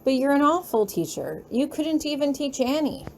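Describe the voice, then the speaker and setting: Voiced by a woman, a friendly young man speaks in a supportive, lightly teasing way. The tone stays mellow and soft over faint background noise. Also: a little high, expressive, moderate pace, lightly acted.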